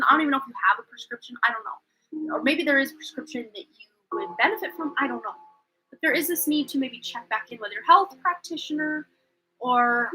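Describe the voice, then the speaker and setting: Bright high-voiced woman reading tarot. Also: poor audio. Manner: chatty and rambling, often unsure; self-deprecating, laughs at herself. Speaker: tarot reader. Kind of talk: live-streamed tarot reading.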